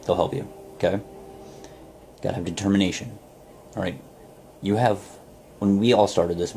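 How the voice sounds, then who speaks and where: Guy, low mellow voice, earnest pep talk, lots of "you know". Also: gravelly, slight background noise. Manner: earnest, storytelling, many fillers. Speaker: network marketer. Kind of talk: motivational talk to camera.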